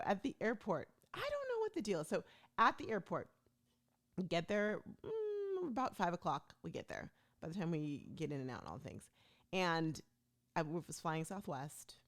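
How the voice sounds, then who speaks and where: Woman host, low-pitched, very animated storyteller, chatty. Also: moderate pace. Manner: chatty, animated, acts out quoted people. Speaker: podcast host telling a travel story. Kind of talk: casual storytelling monologue.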